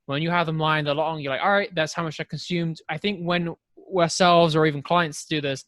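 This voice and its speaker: Casting: chatty male podcast co-host, voice a touch high, dry close-miked sound. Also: little pitch movement, fairly quick, a bit bright, dry recording. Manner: chatty, laughs often, swears casually. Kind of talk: casual chat.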